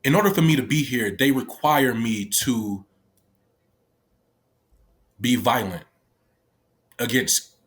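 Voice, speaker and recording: A man giving a candid personal account of his time as a youth detention worker, halting and restarting often and swearing freely. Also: medium pitch, a bit bright. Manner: profane, halting speech with many restarts.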